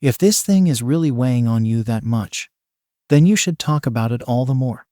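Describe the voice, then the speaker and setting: A calm male villain mentor who speaks softly and steadily with gentle concern. A man reads the part in his own voice. The tone sits at mid pitch and the recording is dry and close. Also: normal speed, no echo, lightly acted. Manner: soft and steady.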